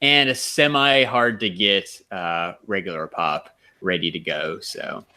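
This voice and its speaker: A man's voice: low voice, steady tone, a little slow, pushed and bright. A man co-hosting a casual podcast, chatting in an upbeat way. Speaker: podcast co-host.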